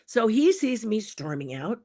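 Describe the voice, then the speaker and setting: Animated dramatic woman storyteller. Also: a little high, a little slow. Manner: animated, dramatic storyteller who acts out quotes. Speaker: guest. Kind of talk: podcast storytelling.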